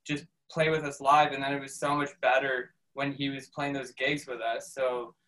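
A man's voice: medium pitch, normal speed, rough recording. A young man, a band member, chatting casually in an interview and telling stories with laughs. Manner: laughing, animated storytelling.

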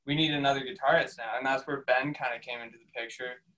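A man's voice: mid-range voice, fast, low-quality recording. A young man, a band member, chatting casually in an interview and telling stories with laughs. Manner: laughing, animated storytelling.

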